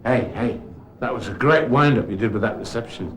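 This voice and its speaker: An actor playing a chummy, boastful self-made racehorse owner in a TV drama. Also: male voice, mid-range voice, a little fast, heavy background noise, close to an everyday voice. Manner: brash, chummy, jokey. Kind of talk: 1990s TV drama acting.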